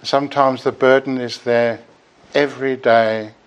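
A man's voice: mid-range voice, fairly even intonation, unhurried, clean tone, highs cut off. A man preaching a sermon in a church, earnest and emphatic, sometimes repeating words as he builds a point.

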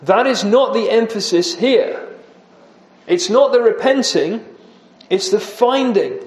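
A man's voice: high voice, expressive, slow, echoey room, low-quality recording. A man preaching an earnest expository sermon, often dropping his voice for emphasis.

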